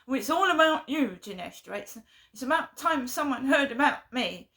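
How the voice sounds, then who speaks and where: Mocking put-on of a selfish older mother, done by a woman, high and gravelly. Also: animated, moderate pace, bright, forceful tone, full character voice. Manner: mocking imitation. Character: self-centred mother, older woman, dismissive.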